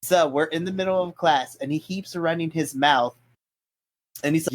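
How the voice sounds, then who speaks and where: Man, fairly high voice, teacher, excited storytelling, podcast chat. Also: normal speed.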